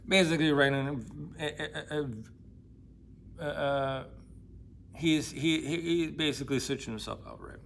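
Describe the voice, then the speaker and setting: A man's voice: fairly high pitch, measured pace, vocal fry, long pauses, a bit bright, a little hiss or hum. A man casually retelling a novel's plot in loose, slangy speech full of fillers and restarts. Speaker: book discussion vlogger. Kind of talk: casual spoken book recap.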